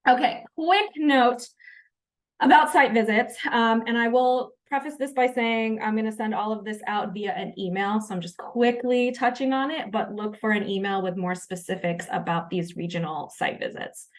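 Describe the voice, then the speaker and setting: A woman's voice: on the high side, moderate pace. A woman leading an online training session, upbeat and chatty, with frequent fillers. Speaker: session facilitator.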